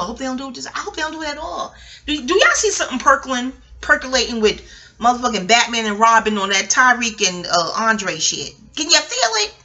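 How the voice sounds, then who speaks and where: A middle-aged woman vlogger with a high, pushed, bright voice gives a rambling, profane TV recap. She speaks straight to her viewers and laughs often.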